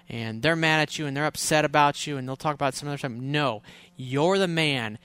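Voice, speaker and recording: A man's voice: a little high, fairly bright tone, smooth, no room sound. Emphatic man giving relationship advice. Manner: emphatic, repetitive, acts out scenes. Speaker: relationship coach. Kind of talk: advice monologue.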